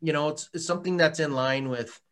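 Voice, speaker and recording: Bright-voiced man, chatty and rambling. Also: on the high side, brisk, clear, resonant tone. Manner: rambling, many fillers and restarts, laughs often. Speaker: interview guest, hot sauce maker. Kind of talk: casual interview chat.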